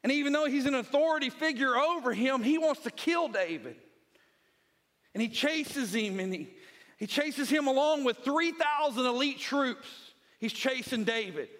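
A pastor preaching a Sunday sermon, retelling scripture as vivid storytelling and hammering points home with repeated phrases. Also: male voice, very high voice, expressive, normal speed, fairly bright tone.

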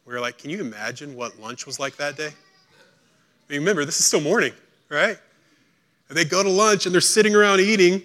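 A man preaching a sermon as pastor, acting out quotes and swinging between hushed, slow lines and loud, urgent ones. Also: fairly high pitch.

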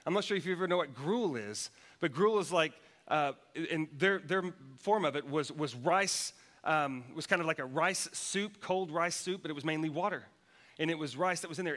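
A man's voice: a little high, moderate pace, fairly bright tone. A man preaching a sermon, telling a personal story with many restarts and repeated words. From United States. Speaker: pastor.

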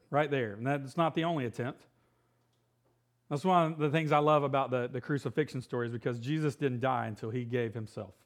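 A man preaching a sermon, reading scripture aloud and then talking it through casually, with quick laughs and sudden excited outbursts. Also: mid-range voice. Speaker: pastor.

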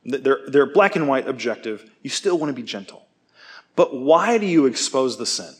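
A man's voice: medium pitch, big pitch swings, moderate pace. Man preaching a casual, chatty sermon. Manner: casual, self-deprecating, asks "okay?" often. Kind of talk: conversational sermon.

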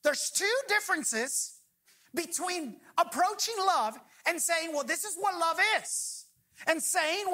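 A woman pastor preaching a sermon. She speaks emphatically, slows down to stress key phrases, and prompts the congregation to finish her lines. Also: extremely high pitch, expressive, pushed and bright.

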